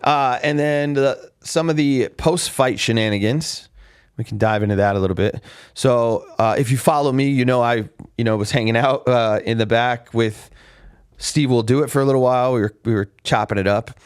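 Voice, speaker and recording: A man hosts a casual fight recap show, rambling through backstage stories with plenty of "uh" and restarts. His voice sits at an ordinary pitch for a man. The recording is dry, with no room sound. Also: normal speed, smooth, no room sound. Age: adult with a father. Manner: rambling storyteller with many restarts and fillers. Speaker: podcast host. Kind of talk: casual chat.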